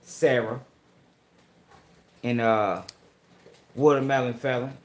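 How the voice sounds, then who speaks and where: A man's voice: medium pitch, fairly even intonation, slow, roomy sound. A man from Baltimore with a Baltimore accent, hosting a casual live-stream commentary show, profane and answering chat comments directly.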